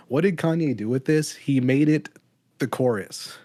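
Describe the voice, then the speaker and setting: A man's voice: medium pitch, animated, normal speed, warm tone, no echo. A man co-hosting a podcast, giving a blunt, critical album review in casual chat with frequent ums. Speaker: podcast co-host.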